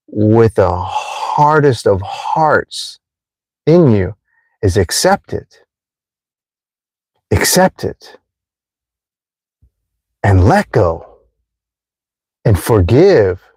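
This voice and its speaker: A man's voice: mid-range voice, a little mellow, dry recording. A man hosting a livestream, talking earnestly and repetitively about forgiveness, addressing his viewers directly. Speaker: livestream host giving life advice. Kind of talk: earnest motivational livestream talk.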